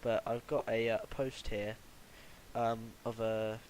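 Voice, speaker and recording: A man's voice: fairly low pitch, flat delivery, takes it slowly, darkish tone, slight background noise, poor audio. A young man hosting a casual podcast chat, rambling and laughing often. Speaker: podcast host.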